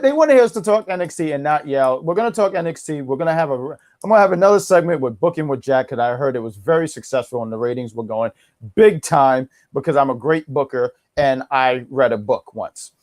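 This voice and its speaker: A man's voice: on the high side, expressive, a little fast, a little mellow. A man co-hosting a wrestling podcast, chatting casually with a joking, mock-boastful manner. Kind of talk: casual chat.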